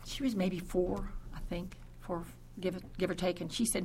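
An older woman telling a personal faith story in a halting way, often repeating words and restarting her sentences. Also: mid-range voice, expressive, a bit bright, breathy edge. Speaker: speaker giving a personal testimony.

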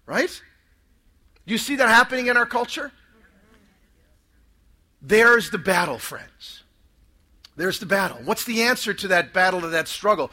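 High, bright-voiced male preacher. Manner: emphatic, call-and-response with the audience. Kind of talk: sermon.

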